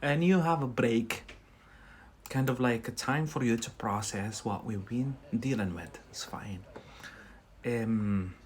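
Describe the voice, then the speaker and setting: A man's voice: mid-range voice, slow, a little hiss or hum. A man teaching an English lesson on a live stream, chatty and often checking in with a questioning "yeah?". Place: in Scotland.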